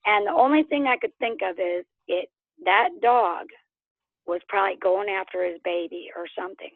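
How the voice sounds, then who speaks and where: A woman from Oklahoma telling her story as an interview guest in casual storytelling, animated and laughing, acting out what others said. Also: mid-range voice, moderate pace, vocal fry, no room sound. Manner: animated, laughs often, acts out quotes. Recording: tinny phone line.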